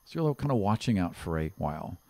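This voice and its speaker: A man narrating as game master of a tabletop game, relaxed and conversational. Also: low-pitched, a little fast, no echo. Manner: relaxed, conversational, hesitant fillers.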